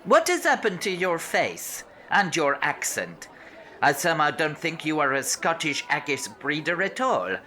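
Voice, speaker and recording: A man's voice: fairly high pitch, very animated, measured pace, bright, forceful tone, heavily acted. A man doing Passepartout, a bumbling French valet. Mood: flustered. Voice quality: put-on French accent, peppered with monsieur. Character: bumbling loyal young French manservant. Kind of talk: comic radio play acting.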